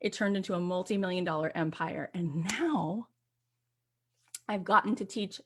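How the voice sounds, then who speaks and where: A woman's voice: on the low side, normal speed, slightly rough. A woman hosting an online course, talking casually to camera and telling her story in a chatty, upbeat way. She acts out the lines she quotes.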